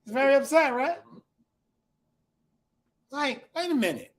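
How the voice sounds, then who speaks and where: A man's voice: extremely high pitch, very animated, unhurried. A man teaching a congregation through a scripture lesson, asking the class questions and acting out the people in the text.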